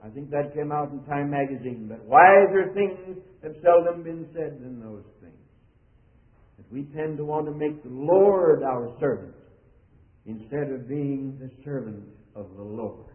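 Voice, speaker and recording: A man's voice: a little high, unhurried. A man preaching a sermon in an emphatic style, his voice rising and falling as he speaks. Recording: tinny, phone-like old sermon recording.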